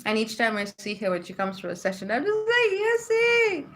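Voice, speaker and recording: A woman's voice: mid-range voice, steady tone, quick pace, fairly bright tone, a little hiss or hum. A woman hosting a casual livestream from home, reading viewer comments aloud and chatting back with frequent laughs.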